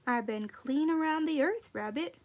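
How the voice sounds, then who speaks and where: A woman's voice: high voice, animated, normal speed, lo-fi sound. A woman voicing a huge, proud male whale who brags in an easygoing way. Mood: boastful. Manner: boastful, easygoing.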